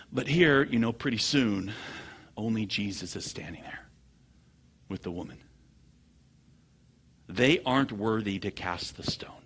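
Male pastor, husky and bright, animated sermon delivery with big swings in loudness and pitch. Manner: animated storytelling preacher, voice swings from low murmurs to loud high bursts.

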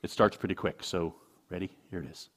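A man preaching a sermon, moving from quiet asides to loud, high-pitched emphasis. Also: steady tone, fairly quick. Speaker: pastor.

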